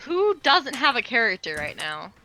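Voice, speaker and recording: Woman, bright edge, lively pitch, teasing and impatient in casual group chat. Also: moderate pace, low-quality recording.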